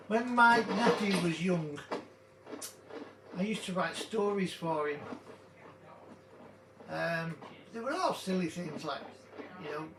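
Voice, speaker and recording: An older man hosting a gaming video chats casually as he plays, rambling, joking and drifting into little stories. His voice sits high. The mic is distant in a big, echoey room, with steady background noise underneath.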